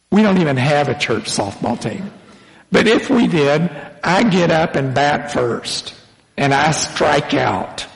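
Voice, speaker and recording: A man's voice: on the high side, creaky. A man preaching a sermon to his congregation in a church, with folksy joking asides. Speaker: pastor. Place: church sanctuary. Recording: long hall reverb.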